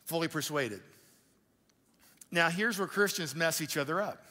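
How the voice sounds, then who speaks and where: A male pastor preaching a sermon in a conversational, animated way, with quick asides to the congregation. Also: on the high side. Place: church auditorium. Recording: live church hall with long reverb.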